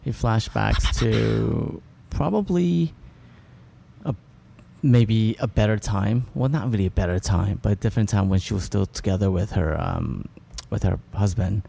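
A man with a somewhat low, gravelly, mellow voice talks about a film in casual conversation. He hesitates a lot and keeps restarting his sentences. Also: a little slow. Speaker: film discussion co-host.

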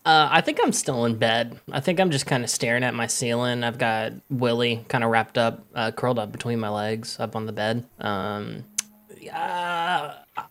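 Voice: medium pitch, moderate pace, a bit bright. A player speaking in character in the first person, thoughtful and hesitant, with many ums. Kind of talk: role-playing in first person.

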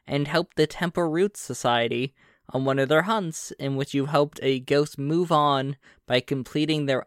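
A man's voice: medium pitch, fairly bright tone, clear, resonant tone, no echo, clean studio sound. A man hosting a podcast as game master, narrating a tabletop game in an easygoing way with frequent fillers.

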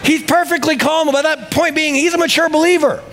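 A male pastor preaching a sermon in a confessional tone, swinging between hushed reflection and exclamation. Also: very high voice, steady tone, brisk.

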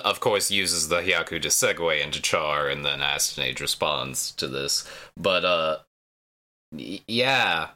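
Co-host, male, lowish voice with a bright edge, lively delivery, dry sarcastic recap style. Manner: sarcastic, blunt, swears casually. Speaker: podcast co-host recapping an anime. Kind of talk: casual chat.

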